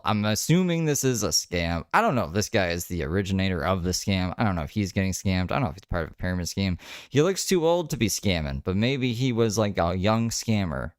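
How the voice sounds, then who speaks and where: Deep-voiced sarcastic streamer man. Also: smooth, no room sound, studio quality. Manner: skeptical, sarcastic, swears freely. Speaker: streamer reacting to a video. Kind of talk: casual reaction commentary.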